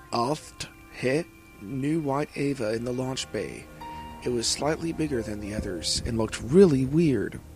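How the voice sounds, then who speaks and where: A man narrating fan fiction aloud in an earnest, slow reading with small slips. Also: mid-range voice. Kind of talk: amateur audiobook narration.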